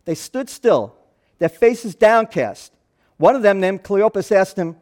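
A man pastor preaching a sermon, telling the story in an animated way that swings between loud and hushed. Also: high-pitched, unhurried.

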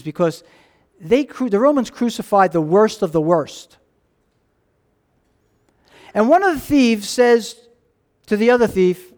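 A male pastor preaching a sermon, telling stories and acting out the voices in them. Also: high-pitched. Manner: animated storytelling, acting out voices in dialogue.

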